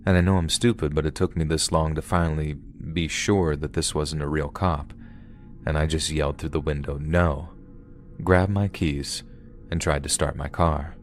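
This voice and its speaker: A man with an extremely low, deep voice narrates a first-person scary story, calm and steady. Soft music plays faintly beneath him. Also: moderate pace. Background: background music.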